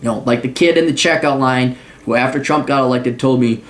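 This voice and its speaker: A man's voice: medium pitch, fairly quick. A man hosting an advice podcast, talking bluntly and profanely in a ranting monologue with sarcastic, mocking asides. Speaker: podcast host.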